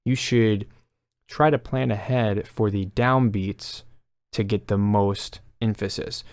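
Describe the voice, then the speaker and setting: A man explaining melody writing techniques in a calm, instructional way, counting beats aloud. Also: lowish voice, slow, clear, resonant tone, no room sound, studio quality. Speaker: music composition teacher.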